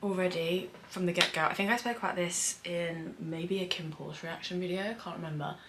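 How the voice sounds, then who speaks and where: A woman's voice: on the low side, steady tone, brisk, noisy background. A young British woman, a screenwriter, chatting in a rambling casual vlog at home, full of fillers and swearing. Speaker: screenwriter reacting to a show. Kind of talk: casual reaction vlog chat. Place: home room with windows open on a hot day.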